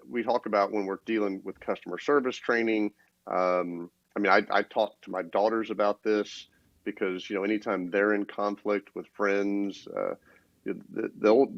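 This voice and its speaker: Man, low voice, steady explaining tone, dull lo-fi dry sound. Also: no room sound. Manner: steady, explanatory, many restarts. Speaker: podcast co-host. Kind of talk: casual business talk.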